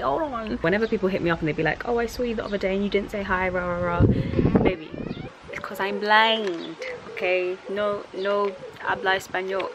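A woman's voice: fairly low pitch, background noise. A young woman with a London accent vlogging casually on a city street, chatty and slangy, laughing often. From London, England. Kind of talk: casual vlog chat.

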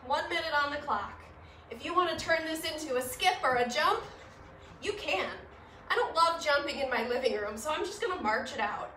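High, bright woman leading a workout. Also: animated, fairly quick, a little hiss or hum. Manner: upbeat, encouraging, laughs at herself. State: slightly winded. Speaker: fitness instructor. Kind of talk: guided home workout instruction. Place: living room at home. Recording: echoey room, mic at a distance.

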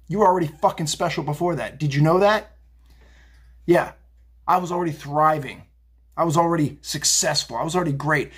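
A man's voice: on the high side, fairly quick, long pauses, husky. A man giving a tarot reading on a phone video, blunt and fired up, swearing and rambling. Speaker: tarot reader. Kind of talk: casual profane psychic rant.

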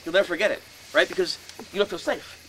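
A man in his fifties telling a ghost story to an audience, acting out his own voice with shouts and laughs. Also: high-pitched, steady tone, fast talker. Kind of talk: animated storytelling lecture. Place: lecture in a house. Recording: noisy room recording.

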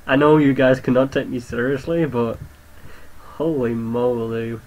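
A young man giving casual game commentary, excitable, swearing often and talking to the creatures on screen. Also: mid-range voice, unhurried, a little hiss or hum, poor audio. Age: young adult. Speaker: gamer commentator.

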